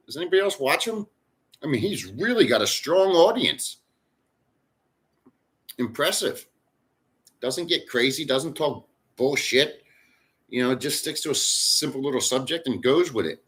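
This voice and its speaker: A man's voice: mid-range voice, expressive, measured pace, pauses often, a bit bright. A middle-aged man chatting casually with live viewers, rambling and blunt, with frequent cursing. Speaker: livestream host. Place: in the Philippines.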